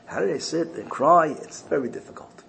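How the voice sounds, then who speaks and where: A man's voice: on the high side, expressive, normal speed, gravelly, a bit bright, slight background noise, poor audio. A man giving a religious talk, telling a story in an earnest, repetitive way. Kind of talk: storytelling sermon.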